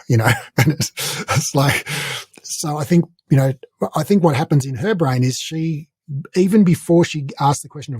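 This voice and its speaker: A man's voice: a little high, normal speed, darkish tone, breathy edge, dry recording. A man co-hosting a podcast, talking casually and rambling with lots of fillers. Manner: rambling, chatty, frequent fillers. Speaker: podcast co-host. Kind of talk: casual conversation.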